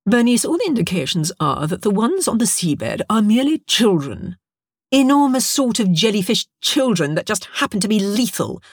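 A woman doing a smug, purring gentleman. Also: mid-range voice, very animated, moderate pace, no room sound, studio quality, voice pushed up. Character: smug, composed older gentleman academic.

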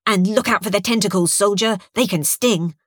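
A woman voicing a brisk, bossy woman soldier who gives clipped, commanding orders. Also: mid-range voice, dry recording, clean studio sound, natural voice. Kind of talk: audiobook character voice.

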